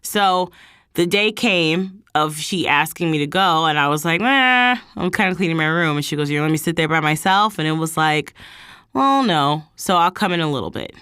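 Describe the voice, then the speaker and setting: Low-pitched female vlog host, chatty storyteller who acts out the people she quotes, dry recording. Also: fairly quick, clean tone, no room sound. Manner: animated, quotes people in higher voices. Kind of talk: casual storytelling.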